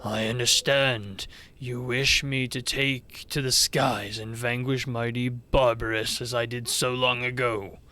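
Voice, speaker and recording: A streamer voicing a proud, bitter ancient dragon in slow, grave, archaic speech. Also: medium pitch, little pitch movement, sharp tone, voice pushed down. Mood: grave scorn.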